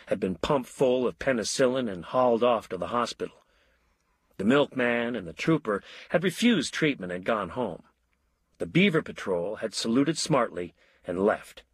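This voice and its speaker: Husky, wry male story narrator. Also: medium pitch, dry recording. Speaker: audiobook narrator. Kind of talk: scripted narration.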